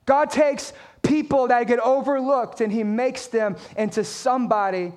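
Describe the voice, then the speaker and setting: A man's voice: extremely high pitch, steady tone, a little slow, darkish tone. A man preaching a sermon as a pastor, talking straight to his congregation with emphatic points and playful jokes.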